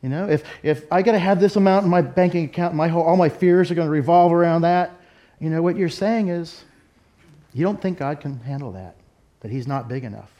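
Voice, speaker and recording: A man's voice: fairly high pitch, fairly quick, warm tone. A middle-aged man preaching a sermon in a candid, self-deprecating, conversational way. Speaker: pastor. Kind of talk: sermon with personal story.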